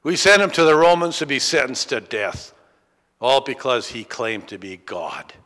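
Guy voicing a worked-up high priest, voice jumping around, echoey hall, kinda distant. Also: moderate pace. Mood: defensive. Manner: agitated, pleading, lively pitch. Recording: reverberant hall, distant from the mic.

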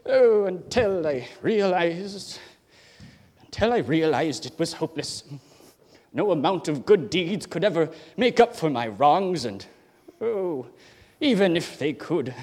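A man playing a grumbling old miser, high and theatrical. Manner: theatrical, sighing, blustering. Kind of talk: amateur stage play. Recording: long hall reverb.

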